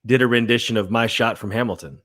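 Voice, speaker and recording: A man's voice: medium pitch, quick pace, fairly bright tone. A man co-hosting a podcast in casual chat, teasing his partner and giving earnest little speeches. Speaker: podcast co-host.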